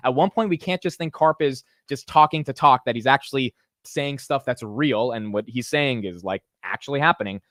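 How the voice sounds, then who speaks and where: Excitable young guy doing market commentary, kinda high voice, super dry close mic. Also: no room sound. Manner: excitable, hyped delivery with frequent fillers and restarts. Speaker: stock market show host.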